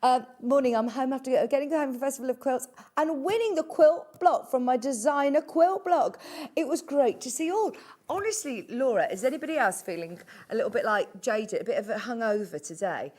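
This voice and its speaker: A woman's voice: high-pitched, expressive, a little fast, a little mellow. Woman presenter, gushing, chatty, live sales chat, studio. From England. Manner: gushing, chatty, reads out viewer messages. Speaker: shopping channel presenter.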